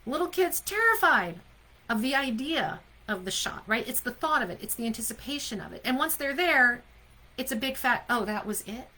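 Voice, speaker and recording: Woman, leadership coach, live online coaching talk, bright voice, emphatic, asks the audience questions. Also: sits high, expressive, moderate pace, poor audio.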